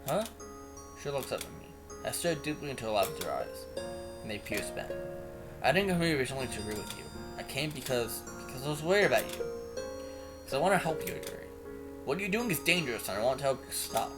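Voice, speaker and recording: A man's voice: mid-range voice, quick pace. Man reading a visual novel aloud. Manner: animated, expressive reading. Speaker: game narrator and player. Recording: music playing underneath. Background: music.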